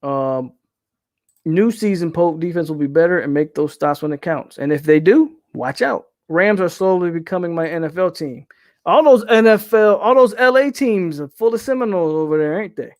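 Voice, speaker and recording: High-voiced opinionated man, casual host. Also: expressive, moderate pace, darkish tone, no echo, studio quality. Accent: Southern US. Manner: loose, opinionated, trails off and restarts. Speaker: podcast host reading chat questions. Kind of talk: casual live-stream chat.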